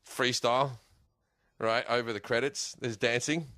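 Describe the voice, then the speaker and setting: A man's voice: mid-range voice, steady tone, measured pace, sharp tone, no room sound, clean studio sound. An Australian man, a podcast guest, telling stories in casual chat, laughing often and swearing freely.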